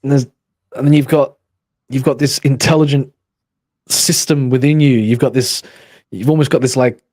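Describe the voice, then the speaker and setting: Male stream host, mid-pitched, dry close sound, loose musing delivery with restarts. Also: steady tone, a little mellow, dry recording. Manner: musing, halting, reads chat aloud. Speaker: livestream host. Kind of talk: rambling livestream commentary.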